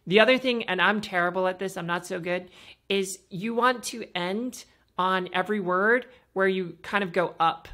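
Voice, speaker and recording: A woman hosting a podcast, explaining voice practice in a casual, instructive way with many fillers and a pitch that moves up and down. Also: normal speed, a bit bright. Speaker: podcast host and voice coach.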